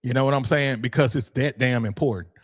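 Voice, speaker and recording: An animated man in casual podcast talk, joking and laughing often as he makes his points. His delivery is loose and conversational, with plenty of casual swearing. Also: medium pitch, a little fast. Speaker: youth football coach and podcast host. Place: room with his degree on the wall.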